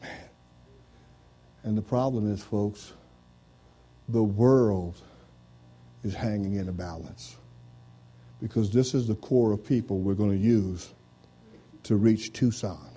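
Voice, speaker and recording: A pastor preaching an interactive sermon, trading lines with a volunteer from the congregation, dropping "amen" and "praise the Lord" throughout, and reading scripture in a slow, drawn-out King James cadence. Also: fairly low pitch, warm tone, slightly rough. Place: church.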